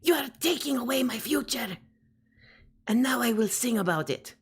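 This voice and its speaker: A man putting on a whimsical, dreamy young woman's voice in a singsong, deadpan absurd way. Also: extremely high pitch, normal speed, creaky, breathy edge, pitched above the performer's own voice, exaggerated voice.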